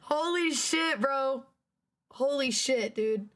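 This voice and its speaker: A woman's voice: high voice, slow, fairly bright tone. A young woman streamer reacting casually to a game, swearing and laughing in disbelief. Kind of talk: casual gaming stream chat. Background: game music.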